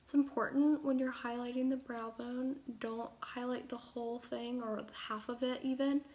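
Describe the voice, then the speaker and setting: A young woman with a slightly high voice and a gravelly, fry-tinged edge chats her way through a makeup tutorial. She rambles, drifts into asides and fills gaps with fillers, as if talking to friends from her room. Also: fairly even intonation, moderate pace, darkish tone. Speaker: beauty vlogger.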